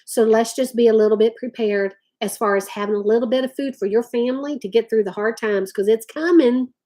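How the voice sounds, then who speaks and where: A woman delivers a heated rant straight to her viewers. Her voice sits a little high, and she leans hard on her words, often drawling "y'all.". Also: fairly quick, warm tone. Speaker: vlogger talking to live chat.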